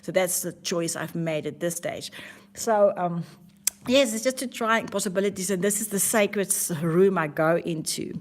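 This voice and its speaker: A woman's voice: fairly low pitch, normal speed. A woman vlogger talking casually and candidly to camera about her self-help habits, earnest, with frequent restarts.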